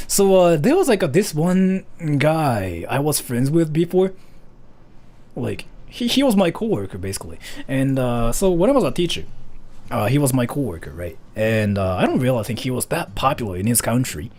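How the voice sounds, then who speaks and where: Animated, rambling male streamer. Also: medium pitch. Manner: rambling, filler-heavy, swears casually. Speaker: streamer reading donations. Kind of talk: casual livestream chat.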